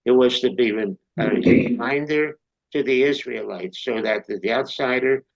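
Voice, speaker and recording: A man's voice: mid-range voice, moderate pace, gravelly, muffled recording. A man in a study group reading a scripture passage aloud, correcting his slips as he goes.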